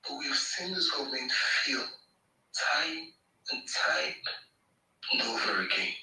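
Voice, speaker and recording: A man's voice: medium pitch, sing-song, unhurried, sharp tone, roomy sound, recorded from a distance, low-quality recording. A Nigerian man giving an impassioned, emphatic political speech on a live audio space, hammering points home with repetition. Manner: emphatic, repeats phrases for effect.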